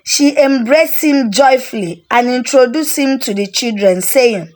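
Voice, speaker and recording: A woman tells a story at a slow, deliberate pace. Her voice is steady, unhurried and a little higher than most. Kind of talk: storytelling narration.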